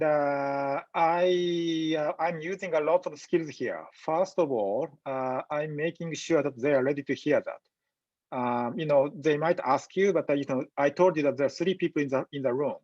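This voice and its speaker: A man giving a medical lecture in a webinar, speaking in a halting, measured way with frequent pauses and fillers. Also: a little high, a little mellow, dry recording, dull audio. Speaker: physician lecturer.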